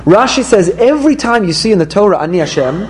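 Animated, emphatic rabbi giving a class. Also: male voice, fast, a little hiss or hum, rough recording. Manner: animated, emphatic, jumps into high-pitched quoted voices. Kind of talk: Torah lesson to a live audience. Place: room with a small listening audience.

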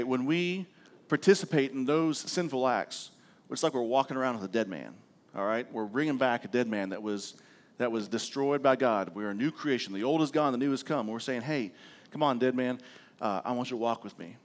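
A man's voice: mid-range voice, fairly quick. A middle-aged man, preaching a sermon as pastor in a conversational, self-deprecating storytelling way, often checking in with the congregation.

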